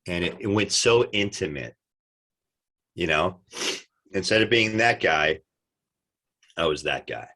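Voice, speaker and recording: Deep-voiced animated male storyteller. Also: unhurried, pauses often. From United States. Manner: animated storyteller, acts out quotes. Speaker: actor guest. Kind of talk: casual interview chat.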